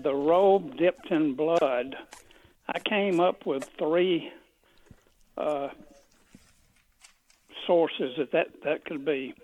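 Male caller, Southern drawl, slowish delivery, somewhat higher voice, plainspoken and folksy. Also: phone-quality sound. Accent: Southern American. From southern United States. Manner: folksy, joking, then earnest when asking.

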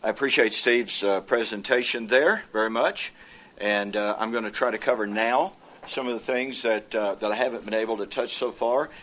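A man presenting his side in a formal theological debate, speaking haltingly with frequent fillers and restarts. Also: on the low side, fairly bright tone. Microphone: presenter with projected notes.

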